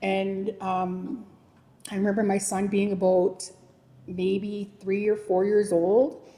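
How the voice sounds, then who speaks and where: Mellow-voiced woman telling a personal story. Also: medium pitch, flat delivery. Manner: heartfelt, halting, with many restarts. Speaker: storyteller, teacher. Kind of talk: personal storytelling in a teaching session. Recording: long hall reverb.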